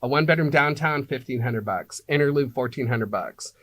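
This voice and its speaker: A man's voice: mid-range voice, moderate pace, fairly bright tone. A man being interviewed as an apartment locator, explaining things like a teacher and checking in with "right?" and "okay?" as he goes.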